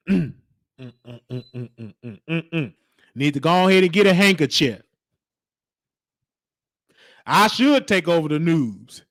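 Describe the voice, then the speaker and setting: A man with a high-pitched voice riffs through a casual reaction commentary. He teases and scolds in a preachy way, drawing out each "honey" as he hosts his show. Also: lively intonation, a bit bright. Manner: teasing, preachy, drawn-out "honey"s. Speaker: show host.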